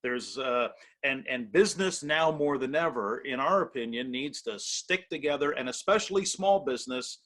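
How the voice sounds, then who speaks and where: A man hosting a business interview, speaking in a measured, emphatic way. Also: medium pitch, lively intonation, fairly bright tone. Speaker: host. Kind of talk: interview host commentary.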